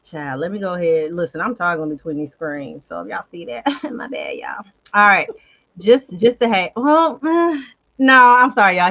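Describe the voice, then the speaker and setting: A woman hosting a casual chat show, animated and chatty, talking straight to her viewers. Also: on the low side, highs cut off. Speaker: host.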